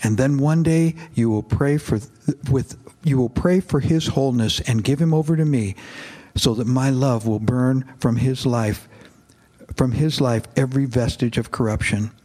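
A man reading aloud gives voice to a patient, tender father figure, calm and reassuring, in a mid-pitched voice. He speaks earnestly, as if comforting a grieving son in a spoken storybook. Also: normal speed, lightly acted.

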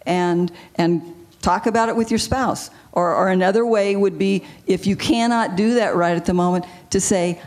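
Measured female marriage counselor. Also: mid-range voice, a little mellow. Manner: measured, explains with example phrases. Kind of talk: advice-giving talk.

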